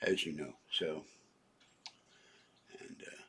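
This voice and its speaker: A man's voice: rumbling low, slow, sharp tone, breathy edge. Rambling, jokey older man. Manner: rambling, jokey, self-interrupting. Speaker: channel owner. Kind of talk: rambling home vlog monologue.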